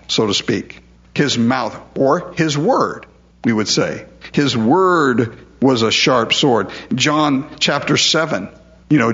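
A man's voice: medium pitch, fairly bright tone, highs cut off. Man preaching, conversational and questioning. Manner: conversational, asks rhetorical questions. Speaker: pastor. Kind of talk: expository sermon.

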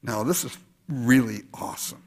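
A man preaching a sermon, dropping to quiet asides and rising to loud exhortation. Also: medium pitch, normal speed. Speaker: pastor.

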